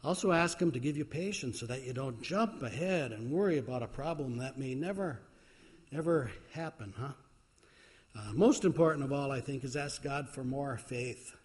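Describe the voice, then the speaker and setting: A man's voice: medium pitch, normal speed, a little mellow. A man as pastor, preaching a sermon in a folksy way with frequent fillers.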